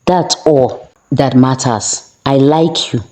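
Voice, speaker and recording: A woman's voice: rumbling low, slow, warm tone. A woman voicing a lustful, arrogant young prince who talks down in a leering, domineering way.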